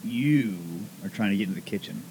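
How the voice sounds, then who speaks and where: A man's voice: on the low side, animated, fairly quick, a little mellow, slight background noise, poor audio. A man playing a tabletop role-playing game, joking around with his group and laughing often. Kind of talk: casual tabletop game chat.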